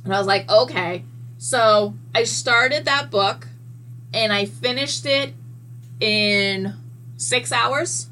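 A woman guest in a casual podcast chat, telling stories in an animated way and swearing freely. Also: fairly high pitch, slow, low-quality recording. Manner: animated, profane storyteller.

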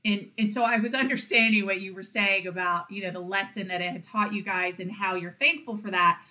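A woman's voice: medium pitch, steady tone, fairly quick, bright, forceful tone. A woman co-hosting a podcast in casual chat, blunt and teasing, swearing freely. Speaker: podcast co-host.

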